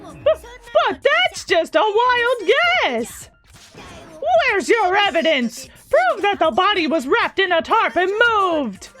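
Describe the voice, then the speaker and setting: Woman reading a childish villain bear: high, bouncy, taunting, sing-song. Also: sing-song, slow, pushed and bright, soft background music, heavily acted. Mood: mocking. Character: mocking villainous male bear mascot. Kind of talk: game dialogue read aloud.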